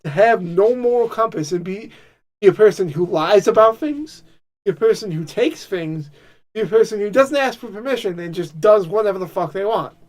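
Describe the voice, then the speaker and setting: A man's voice: high voice, animated, normal speed, darkish tone. Man, podcast co-host, casual chat, frustrated, blunt, profane.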